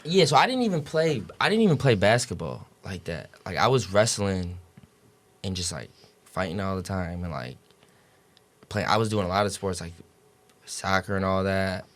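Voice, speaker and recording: A man's voice: deep voice, animated, normal speed. A young man, a college basketball player as podcast guest, telling stories in rambling, slang-heavy speech full of swearing and fillers. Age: young adult. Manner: rambling slang, heavy swearing, many fillers like "you know what I'm saying". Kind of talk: casual interview chat.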